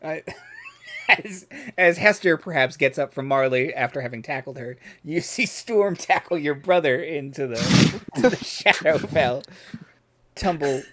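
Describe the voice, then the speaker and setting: A man narrating a tabletop game as game master, relaxed and laughing, often trailing off with fillers. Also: on the high side, moderate pace, a little hiss or hum.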